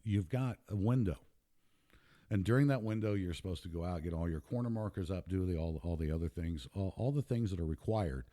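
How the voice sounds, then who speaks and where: Man, low voice, warm dark tone, emphatic casual monologue. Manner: emphatic, repeats himself, worked up. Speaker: podcast host.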